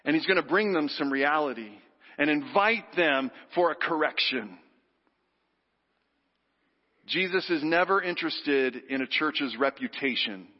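A man preaching a sermon, animated, leading the congregation in call-and-response. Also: on the high side, normal speed. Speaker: pastor. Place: church sanctuary. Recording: dull sound with long hall reverb.

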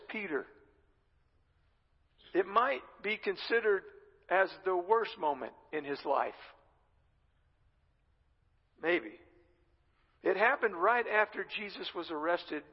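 A pastor with a high, gravelly, husky voice preaches a sermon, telling scripture as a relaxed, conversational story. He speaks a little slowly and pauses often. His words carry a long reverb in a church hall, on a somewhat dull, muffled recording.

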